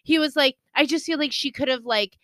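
A woman co-hosting a casual podcast chat, telling an animated story and swearing with indignation. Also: sits high, a little fast, no room sound. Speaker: podcast co-host.

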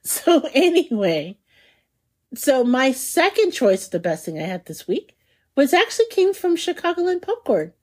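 A woman's voice: high voice, sing-song, normal speed, a little mellow. A woman hosting a food podcast, chatting casually and enthusiastically, laughing often as she savors her descriptions. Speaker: podcast host.

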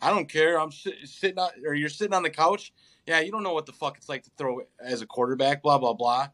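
A man's voice: a little high, fairly quick, bright, forceful tone. A young man co-hosting a casual sports chat, ranting in an exasperated way and swearing often. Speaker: podcast co-host.

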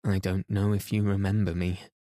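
A man voicing a courteous, ironic elderly nobleman father in an audiobook, speaking gently and politely. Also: low voice, little pitch movement, moderate pace, dry recording, clean studio sound, natural voice.

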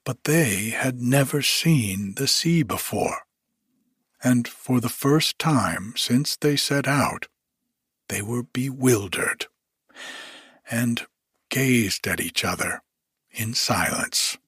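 Male audiobook reader, husky tone, unhurried, dry close sound. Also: mid-range voice, lively intonation, fairly bright tone, no echo. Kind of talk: scripted storybook narration.

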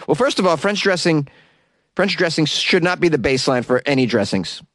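A man's voice: mid-range voice, lively intonation, brisk, no echo. A man hosting a talk radio show, ranting in an exasperated, incredulous and jokey way, taking calls from a studio. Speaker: radio host. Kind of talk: solo talk radio rant.

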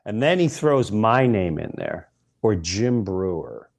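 A middle-aged man hosting a podcast, delivering an impassioned monologue and hammering single words with long pauses between them. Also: lowish voice, big pitch swings. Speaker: podcast host.

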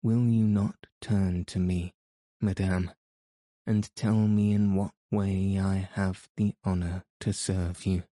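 A man's voice: sits low, level tone, slow pace, no room sound. Man reading a proud, gallant nobleman. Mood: coldly gentle. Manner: cold, gentle, sarcastic.

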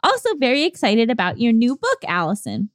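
High bouncy woman, giggly podcast cohost, dry mic. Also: huge pitch swings, dry recording. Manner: giggly, quick and playful. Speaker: podcast co-host. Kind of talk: casual chat.

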